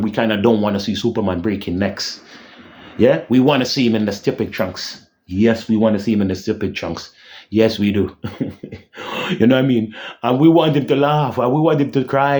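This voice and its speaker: A man with a medium-pitched, darkish voice hosts his channel's casual vlog rant, rambling and repeating points. He frequently adds "yeah?" to his lines and hums dramatic sound effects.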